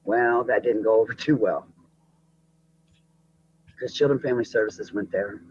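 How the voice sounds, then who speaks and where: Low husky man recounting, lo-fi. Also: moderate pace, darkish tone. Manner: matter-of-fact storytelling. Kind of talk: personal recollection.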